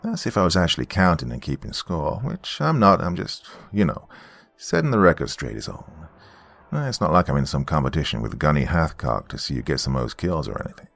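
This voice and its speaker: A man's voice: very deep voice, sing-song, fairly quick, vocal fry, fairly bright tone, no room sound, heavily acted. A man voicing a big, stealthy, cocky Marine sniper with a laid-back, wry way of talking.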